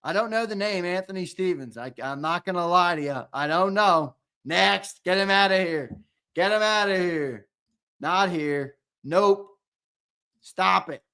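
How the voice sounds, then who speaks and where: A young man hosting a live-stream giveaway, chatting and teasing viewers in casual banter, with loud hyped countdowns between low mumbled asides. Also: unhurried, clear, resonant tone. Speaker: show host running a live-stream giveaway.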